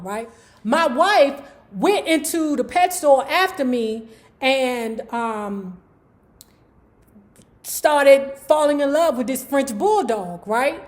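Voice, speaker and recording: A woman telling celebrity gossip and stories in a chatty, slangy, animated way. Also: high voice, slow pace. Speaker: YouTube gossip commentator. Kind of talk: casual gossip storytelling.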